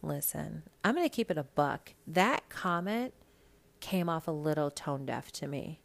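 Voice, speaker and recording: A woman's voice: low-pitched, animated, unhurried, creaky. A woman from Minnesota hosting a podcast, chatting about celebrity gossip in a blunt, sassy way and swearing freely. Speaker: podcast host. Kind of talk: casual celebrity gossip monologue.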